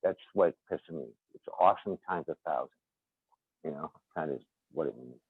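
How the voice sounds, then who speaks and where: Boston guy rambling and chuckling, deep voice, dry tinny call audio. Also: moderate pace, slightly rough, no room sound. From Boston area, USA. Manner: rambling, chuckling, repeats himself. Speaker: podcast guest. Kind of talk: casual chat. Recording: tinny phone-like call line.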